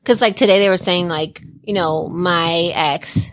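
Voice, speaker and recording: A woman co-hosting a podcast in casual chat, blunt and swearing, telling stories with lively animation. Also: on the low side, unhurried, dry recording. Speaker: podcast co-host.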